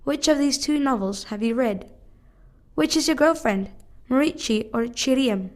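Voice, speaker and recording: Higher-voiced woman reading drill questions. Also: expressive, darkish tone. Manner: measured, careful reading of one question at a time. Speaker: English teacher. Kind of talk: reading drill sentences aloud.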